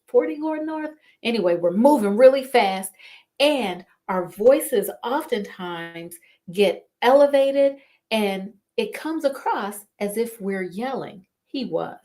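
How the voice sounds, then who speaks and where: A middle-aged woman hosting a live talk, telling a story in an unhurried way with frequent pauses and fillers. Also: medium pitch. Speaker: host.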